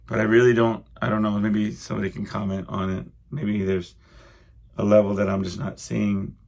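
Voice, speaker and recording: Hosting a podcast by himself, this young man rambles through anecdotes thick with asides and fillers. His lowish voice is a little mellow, barely moves in pitch, and carries vocal fry at a moderate pace.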